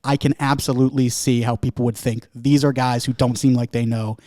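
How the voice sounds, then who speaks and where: A man's voice: medium pitch, fairly even intonation, brisk, darkish tone, dry recording, studio quality. A man hosting a podcast, rambling through a casual chat with fillers and self-deprecating asides. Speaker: podcast host.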